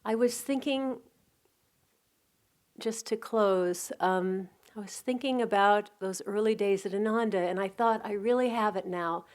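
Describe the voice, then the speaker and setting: Woman, middle-aged, spiritual talk, gentle unhurried storytelling, soft restarts, mid-pitched voice. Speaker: spiritual community teacher. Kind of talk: reflective spiritual talk with anecdotes.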